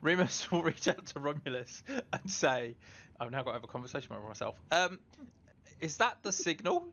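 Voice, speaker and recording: A man's voice: medium pitch, animated, fairly quick, creaky, a bit bright. A man playing in a tabletop role-playing game, talking hesitantly with many fillers and self-corrections as he runs two characters. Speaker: player. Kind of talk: casual tabletop game chat.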